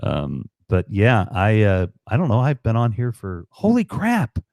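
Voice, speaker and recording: A man on a late-night livestream, rambling and excited, with many ums, tired and up past his bedtime. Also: on the low side, measured pace, gravelly, no echo. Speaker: guest on livestream. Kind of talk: casual chat.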